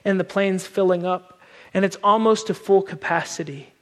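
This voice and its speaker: A man preaching from a stage, telling a story in an animated, self-deprecating way, on a microphone in a large hall. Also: high-pitched, moderate pace. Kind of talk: sermon storytelling. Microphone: wearing a microphone. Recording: long hall reverb.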